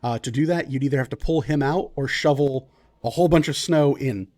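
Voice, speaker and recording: A man's voice: medium pitch, a little fast. Man narrating as game master. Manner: relaxed, loose narration with fillers.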